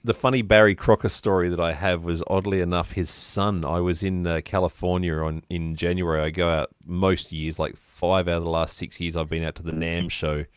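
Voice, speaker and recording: Casting: Australian male host, rambling storyteller, deep voice, dry video-call audio. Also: level tone, a little fast, few pauses, clear, resonant tone, no room sound. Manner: chatty storyteller, rambling with fillers. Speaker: livestream host. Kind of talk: casual interview chat.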